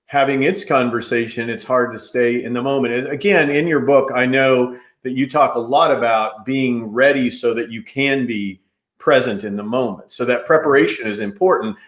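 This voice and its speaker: A man's voice: mid-range voice, normal speed. Chatty male host in an echoey room. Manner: energetic, jumps in, loose and chatty. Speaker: podcast host. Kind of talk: casual interview chat. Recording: roomy echo.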